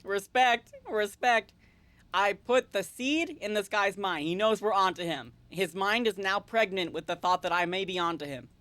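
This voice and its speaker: A woman's voice: mid-range voice, normal speed, hardly any pauses, a bit bright, no echo. A woman livestreaming a game in a casual, chatty way, giggling often and reading dialogue aloud. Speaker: streamer. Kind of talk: casual live game stream.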